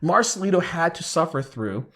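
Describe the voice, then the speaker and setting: A man's voice: on the high side, sing-song, moderate pace, a bit bright. A man hosting a casual commentary, talking animatedly and asking many rhetorical questions. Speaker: YouTube commentator.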